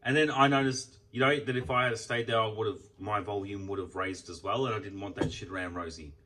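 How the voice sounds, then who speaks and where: A man's voice: fairly low pitch, steady tone, fairly quick, sharp tone, distant mic. A young Australian man ranting in a casual vlog, heated and swearing a lot. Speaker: vlogger. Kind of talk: casual venting rant.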